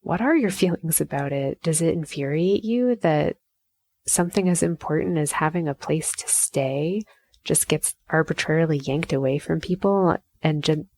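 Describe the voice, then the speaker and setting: A woman in her thirties talks through her feelings on a solo podcast, her voice sitting low. She wanders and restarts as she thinks, earnest and openly emotional. The recording is close and dry, with no room sound. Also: moderate pace, a little mellow, no echo. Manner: emotional, thinking aloud with many fillers and restarts. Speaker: podcast host. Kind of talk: reflective solo podcast monologue.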